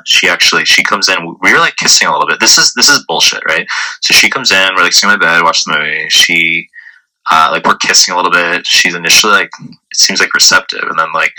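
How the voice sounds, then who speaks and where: A man talks in a deep, low register with a very bright, cutting edge to his tone. He rambles casually through a voice message, swearing freely and leaning on filler words. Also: brisk, poor audio. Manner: profane, rambling, heavy use of filler words. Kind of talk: casual storytelling.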